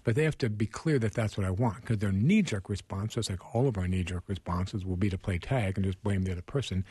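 Mellow, husky male counselor. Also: lowish voice, brisk, no room sound. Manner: gentle, earnest, explains patiently. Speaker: counselor, radio guest. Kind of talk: advice on a radio talk show.

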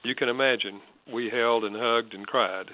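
An older man telling an earnest personal story in a radio interview, his voice dropping soft when he reflects. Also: mid-range voice, steady tone, moderate pace, phone-quality sound. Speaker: guest author and father.

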